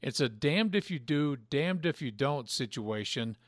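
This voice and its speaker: A man hosting a wrestling podcast who speaks in a deliberate, emphatic way. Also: mid-range voice, expressive, no echo, studio quality. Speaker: podcast host. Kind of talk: casual chat.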